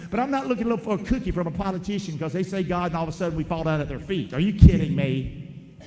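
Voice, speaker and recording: Pastor, animated high voice, call-and-response preaching in a roomy, reverberant church hall. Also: male voice. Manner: call-and-response preaching, asks congregation to repeat lines. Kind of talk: sermon. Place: church sanctuary.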